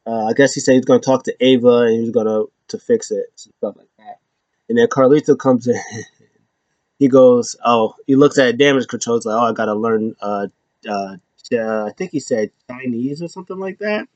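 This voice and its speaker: A man's voice: medium pitch, a little fast, darkish tone, no echo, muffled recording. A man hosting a casual recap show, telling it in a loose, rambling way and often correcting himself. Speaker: show host recapping wrestling.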